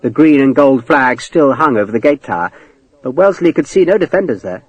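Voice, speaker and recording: Casting: a male audiobook narrator with a lively, dramatic read and a close, dry sound. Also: mid-range voice, brisk, slightly rough, no echo, dull audio. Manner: dramatic, expressive reading. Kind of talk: scripted narration.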